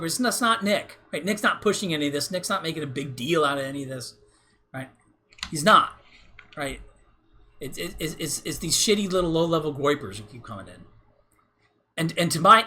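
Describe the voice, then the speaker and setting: A man's voice: on the high side, bright, forceful tone. A young man streaming live, rambling in a casual monologue full of restarts and "right?" tags as he reads and answers chat.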